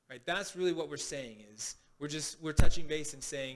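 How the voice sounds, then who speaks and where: Male pastor, casual teaching sermon, slightly higher voice, frequent restarts and "right?". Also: normal speed, a bit bright. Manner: conversational, many restarts and "right?" checks. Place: congregation hall.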